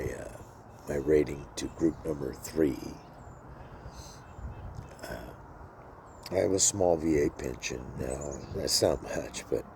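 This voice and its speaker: Sixties man, low dark voice, blunt and profane, rambling vlog outdoors. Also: vocal fry, a little hiss or hum. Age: 60s. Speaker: vlogger.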